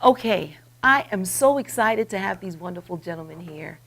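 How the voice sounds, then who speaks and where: A woman's voice: lowish voice, animated, moderate pace. A middle-aged woman hosting a live web talk show, telling a story with rising emphasis. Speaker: host. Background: soft guitar music.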